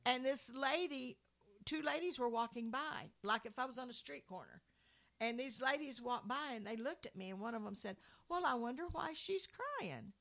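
A woman with a fairly high voice and a gravelly, crackly edge tells her story in an earnest, heartfelt way. She moves easily between recounting memories and reading scripture aloud, speaking like a speaker on a Christian program. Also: normal speed, fairly bright tone. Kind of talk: personal testimony and scripture reading.

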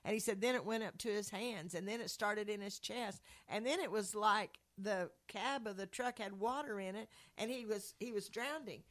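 A woman's voice: mid-range voice, moderate pace, few pauses. Earnest woman retelling a faith story. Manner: earnest, rambling retelling with restarts. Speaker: speaker sharing a faith testimony. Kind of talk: conversational religious storytelling.

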